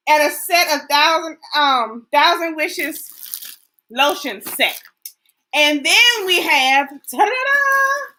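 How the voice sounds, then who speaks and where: Middle-aged woman, show host, folksy and chatty, slow and bright-toned. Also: high-pitched. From Texas. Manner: chatty, folksy, talks to viewers directly. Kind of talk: casual livestream chat.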